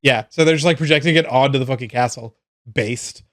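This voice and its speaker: A man's voice: medium pitch, a little fast. A man co-hosting a casual podcast, swearing freely and ranting with energy. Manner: profane, animated ranting. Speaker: podcast co-host. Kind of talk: casual chat.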